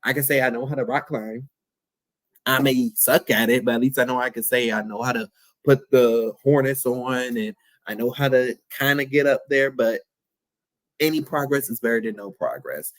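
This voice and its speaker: A man's voice: mid-range voice, fairly even intonation, moderate pace, no echo. A young man hosting his own podcast, talking candidly and playfully in a reflective, affirming solo talk. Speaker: podcast host.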